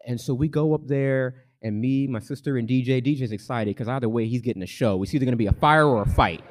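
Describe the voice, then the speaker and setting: A man telling a comic personal story live on a theater stage, with a lively, suspense-building delivery. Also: mid-range voice, quick pace, hardly any pauses.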